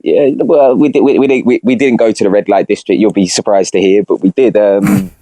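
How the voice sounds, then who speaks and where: A man's voice: on the low side, fairly even intonation, a little fast, dark tone, dry recording. A young man on a podcast, chatting casually in rambling slang with lots of restarts. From Britain. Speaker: podcast co-host. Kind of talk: casual chat.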